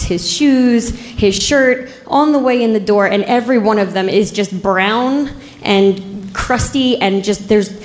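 Woman cop, casual storyteller, dry humor, mid-pitched voice, roomy echo. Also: darkish tone. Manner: unhurried, wry, laughs at the grim parts. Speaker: police officer telling a story.

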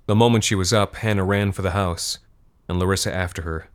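A man reading a scripted horror story in a measured, grim manner. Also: low voice, steady tone, clear, resonant tone.

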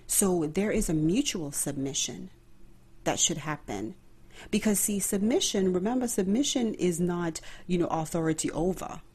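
A woman's voice: on the low side, lively intonation, normal speed, darkish tone, breathy edge. A woman hosting a faith-based podcast, talking earnestly and like a preacher, with rhetorical questions and direct address to her listeners. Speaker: podcast host.

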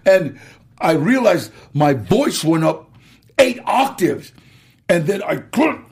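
A middle-aged man, an actor being interviewed, telling stories in a gravelly, husky voice, acting out quotes and laughing as he goes. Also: sits high, slow. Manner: animated storyteller, acts out quotes and laughs. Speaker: actor guest. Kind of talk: storytelling interview.

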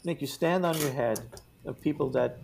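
A man's voice: fairly high pitch, normal speed, gravelly, noisy background. An older man, a retired patient advocate, speaking earnestly and emphatically as an interview guest.

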